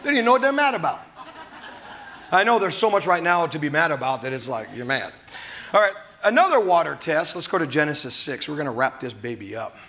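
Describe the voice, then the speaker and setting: A man preaching a sermon at a church service, exuberant and loud at times, then dropping to a hushed, tender voice. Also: on the high side, very animated, brisk, a little hiss or hum. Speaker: pastor.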